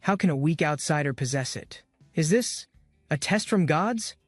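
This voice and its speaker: A man's voice: a little high, expressive, moderate pace, no room sound, clean studio sound, faint music behind. A man voicing a young beastkin girl who questions in astonishment. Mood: astonished. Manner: gasping, questioning.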